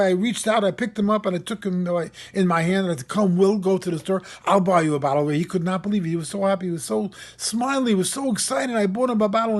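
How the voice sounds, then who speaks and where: A man serving as a camp rabbi, telling a story in an animated sermon style, voice lifting when he quotes people. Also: high-pitched. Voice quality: gravelly, husky.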